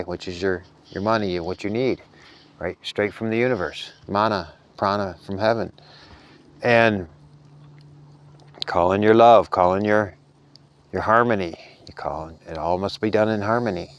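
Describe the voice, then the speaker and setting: Deep smooth-voiced man, earnest and rambling. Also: a little fast. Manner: earnest, rambling, soft-spoken. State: tired. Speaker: spiritual vlogger. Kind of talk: casual spiritual monologue.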